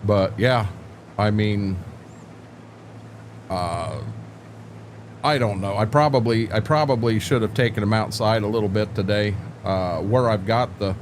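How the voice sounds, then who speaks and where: A man's voice: on the low side, measured pace, pauses often, a little hiss or hum. Folksy older man chatting on a stream. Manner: rambling, folksy, joking, repeats words. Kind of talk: casual live-stream chat with viewers.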